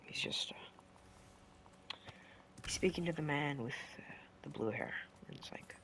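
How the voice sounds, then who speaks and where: Gravelly young man rambling over gameplay. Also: on the high side, measured pace, pauses often, fairly bright tone, whispered. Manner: rambling, self-correcting, casual swearing. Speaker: gaming video creator. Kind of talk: casual commentary while playing and telling a story.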